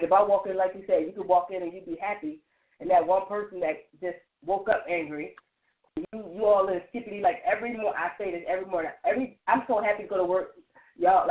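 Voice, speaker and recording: A woman on a radio panel, telling stories with lively restarts and lots of "like". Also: on the low side. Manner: animated storytelling with many restarts and repeated "like". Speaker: roundtable panelist. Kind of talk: casual radio panel chat. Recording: tinny phone-line sound.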